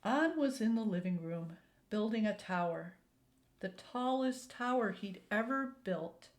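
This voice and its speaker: A woman hosting a youth storytime, reading a children's picture book aloud in a gentle, deliberate way. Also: medium pitch, lively intonation. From Minnesota, USA.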